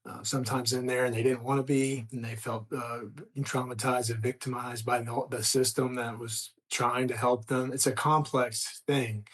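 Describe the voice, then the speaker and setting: A middle-aged man, a screenwriter chatting as an interview guest, rambling with many restarts and trailing off softly. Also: medium pitch, flat delivery, moderate pace, few pauses. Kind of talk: casual interview conversation.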